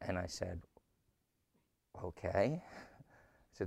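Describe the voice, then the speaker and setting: A man preaching a sermon as pastor, swinging between loud emphasis and quiet asides. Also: low voice, big pitch swings, a little slow, vocal fry, no echo.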